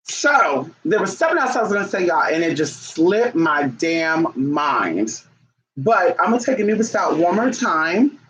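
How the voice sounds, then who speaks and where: A man with a high, bright voice talking casually to his camera. His manner is sassy and chatty, and he calls his listeners honey. He turns aside now and then to fuss at his pets. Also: very animated, normal speed, slight background noise, low-quality recording. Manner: breaks off to scold and coax his pets. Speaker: vlogger.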